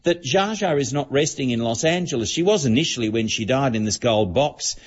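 A man's voice: medium pitch, expressive, fairly quick, husky. A man, telling celebrity gossip as an entertainment reporter on a radio show in a chatty, storytelling manner. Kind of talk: casual radio chat. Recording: dull lo-fi broadcast audio.

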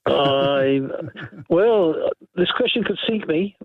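Aussie guy calling into a radio quiz, thinks out loud, tinny phone line. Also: a little high, expressive, slow pace, slight background noise. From Australia. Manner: chatty, thinks aloud with light laughs. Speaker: radio caller. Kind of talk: casual phone-in chat.

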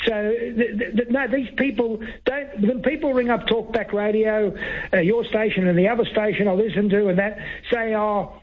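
A man's voice: high voice, steady tone, moderate pace. A man calling a talkback radio show, arguing heatedly, repeating words and talking over the host. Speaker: radio caller. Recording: tinny phone line.

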